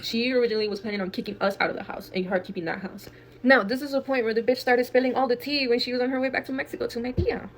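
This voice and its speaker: A woman's voice: on the high side, rapid-fire. A young woman from Texas telling a wild family story in casual, profane speech, acting out quotes. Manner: profane, animated, acts out quotes. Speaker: guest storyteller.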